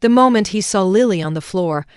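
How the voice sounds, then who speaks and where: A woman narrating a first-person drama story in a calm, even way. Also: mid-range voice, a little fast, clean tone, no room sound, studio quality.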